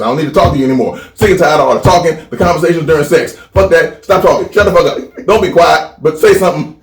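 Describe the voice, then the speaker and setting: Podcast co-host, man, rants hard and curses, higher-pitched voice, echoey room. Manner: animated, profane, repeats phrases for comic buildup. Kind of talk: crude comedic podcast rant.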